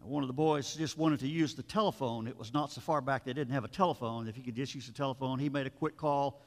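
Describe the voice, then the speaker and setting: A man's voice: mid-range voice, quick pace. A man, a pastor, giving a sermon in a storytelling, conversational way, with asides to his listeners. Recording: long reverb of a large room.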